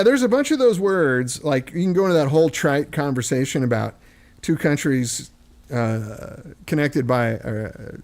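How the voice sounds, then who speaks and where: A talkative American man with a Midwestern accent, hosting a relaxed conversation. His voice sits at an ordinary middle pitch. He tells stories in a loose, rambling way and acts out the people in them. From Missouri, USA. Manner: chatty storyteller, acts out voices in anecdotes. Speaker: host. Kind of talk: casual chat.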